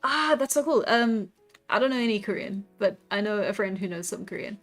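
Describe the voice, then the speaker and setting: A woman's voice: medium pitch, lively intonation, a little fast, a bit bright. A young woman livestreaming while she draws, chatting casually with viewers and laughing often. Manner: giggly, chatty, frequent laughter and restarts. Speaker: livestreamer and artist. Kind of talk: casual live-stream chat while drawing. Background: faint background music.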